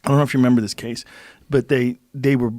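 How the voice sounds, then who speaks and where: A middle-aged man hosting a podcast, chatting casually with quick reactions and some swearing. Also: medium pitch, level tone, darkish tone, no echo. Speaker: podcast host. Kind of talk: casual chat.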